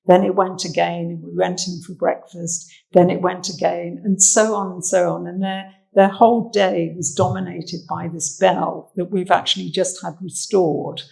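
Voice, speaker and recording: A woman's voice: lowish voice, little pitch movement, moderate pace, creaky, few pauses, darkish tone, poor audio. An English woman, a social history researcher, giving a chatty, anecdotal armchair talk about old photographs, with fillers. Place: indoor talk venue.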